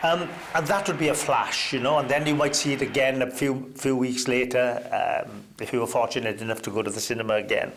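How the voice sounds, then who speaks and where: An older man sits as an interview guest and unspools anecdotes at an easy pace. His voice stays at a middling pitch but jumps up now and then as he gets into a story, broken by ums and uhs. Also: steady tone, fairly quick, few pauses, fairly bright tone, slight background noise. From Wales. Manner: reminiscing, with hesitant fillers and sudden lifts in pitch.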